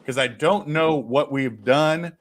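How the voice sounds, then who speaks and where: A man's voice: a little high, slow pace. A man hosting a casual podcast chat, rambling and restarting his sentences often. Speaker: host.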